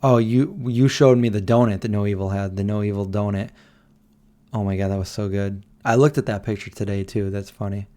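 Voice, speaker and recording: A tired man hosts a late-night livestream from a desk microphone, rambling and replying to viewers as he reads their messages aloud. His voice is on the low side and dark-toned, fairly quick with fairly even intonation.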